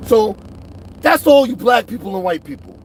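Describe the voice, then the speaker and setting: A middle-aged man talking straight to camera about himself, emphatic and repetitive, swinging from loud to soft. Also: very high voice, animated, normal speed, a little hiss or hum. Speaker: truck driver vlogger. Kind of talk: direct-to-camera rant.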